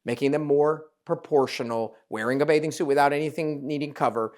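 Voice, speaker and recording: Brisk, fairly high-pitched, and a little dark in tone, a man who is a plastic surgeon hosts a podcast. He relays patient stories openly in a casual conversational way, cursing and acting out the quotes.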